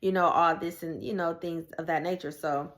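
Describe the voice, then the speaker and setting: A woman's voice: fairly low pitch, fairly even intonation, normal speed. A woman in casual, conversational storytelling, sharing her personal faith testimony and addressing viewers directly, often repeating and restarting phrases.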